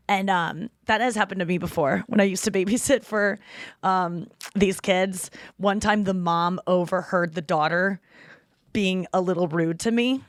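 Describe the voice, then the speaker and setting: Animated woman podcast host, dry sound. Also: mid-range voice, normal speed, no echo. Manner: animated storytelling, acts out voices. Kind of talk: casual podcast chat.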